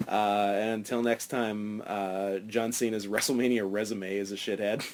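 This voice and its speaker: A man's voice: on the low side, little pitch movement, moderate pace, background noise. A man hosting a casual comedy podcast, stammering and laughing often. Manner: giggly, stammering, frequent laughter. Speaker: podcast host.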